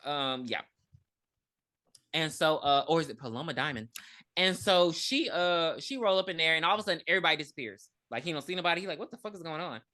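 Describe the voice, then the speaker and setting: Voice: medium pitch, fast. A podcast co-host recapping a movie in casual chat, telling the story with lots of profanity and acting out the characters. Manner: profane, animated storyteller who acts out characters.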